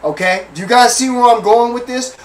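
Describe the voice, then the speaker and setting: A man with a high-pitched voice hosts a casual talk show, telling a personal story straight to his listeners. He talks in a chatty, slangy way and keeps checking in with them. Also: fairly quick, poor audio. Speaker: host.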